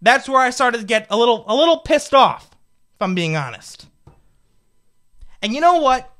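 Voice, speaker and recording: Young american guy ranting about politics, fired up and indignant, bright sharp voice. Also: very high-pitched, very animated, normal speed. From United States. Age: 20s. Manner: fired-up, indignant, rhetorical questions. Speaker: political commentator. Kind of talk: opinion rant to camera.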